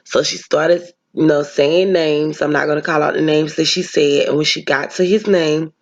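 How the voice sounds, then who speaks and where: A woman's voice: low-pitched, fairly even intonation, normal speed, dull audio. A woman vlogger telling a personal story, talking earnestly and emotionally straight to her viewers.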